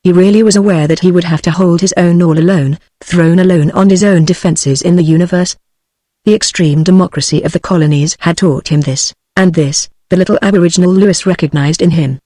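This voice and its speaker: A text-to-speech woman's voice with a British English accent, reading a novel aloud in an even, measured way. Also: fairly low pitch, dry recording. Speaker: narrator. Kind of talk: synthetic audiobook narration.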